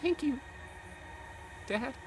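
A man voicing a frightened little girl who is fading away and pleading with her father in a high, tearful voice. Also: expressive, drawn-out words, very noisy, heavily acted. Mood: small and frightened.

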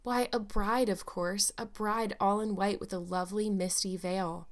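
A woman reading an audiobook, voicing an eleven-year-old orphan girl who chatters eagerly with a clear, sweet voice. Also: mid-range voice, fairly even intonation, a little slow, natural voice. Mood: dreamy. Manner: breathless, rambling, eager chatter.

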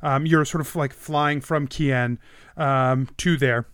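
A man's voice: medium pitch, fairly even intonation, slow, fairly bright tone, clear, resonant tone, no echo, clean studio sound. A man narrating as game master of a tabletop game, hesitant and full of fillers.

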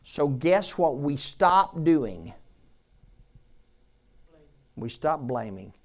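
A male pastor preaches a sermon in a very slow, sing-song delivery, his pitch rising and falling freely. He relies on rhetorical questions, shifting between loud, pressing appeals and soft, confiding asides.

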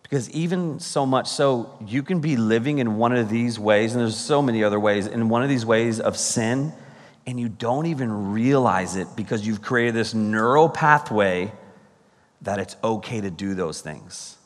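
A man preaching a sermon as pastor, animated, breaking into playful mock exasperation and sudden exclamations. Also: medium pitch, moderate pace, in a large hall.

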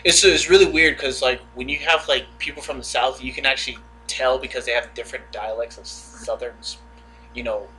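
A man's voice: mid-range voice, steady tone, a little fast, bright, forceful tone, slight background noise, poor audio. A man co-hosting a casual podcast chat, joking and laughing often. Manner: joking, laughs often, does mock voices. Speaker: podcast co-host.

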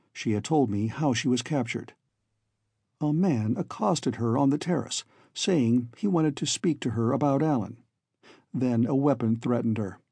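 A man narrating a story in the first person as an audiobook reader, in a measured, steady storytelling manner. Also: mid-range voice, creaky, husky, dry recording, studio quality.

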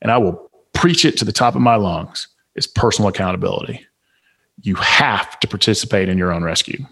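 A man's voice: fairly low pitch, lively intonation, fairly quick, vocal fry, a bit bright, breathy edge. Preachy Southern man giving motivational advice. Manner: preachy, emphatic, fires off rhetorical questions. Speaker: guest author and speaker. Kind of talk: motivational podcast interview.

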